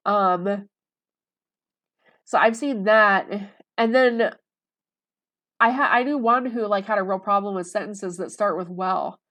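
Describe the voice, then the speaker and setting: A woman's voice: mid-range voice, slow pace, long pauses, a bit bright. A woman talking casually to the camera in a rambling, conversational way, full of fillers. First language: English. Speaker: vlogger.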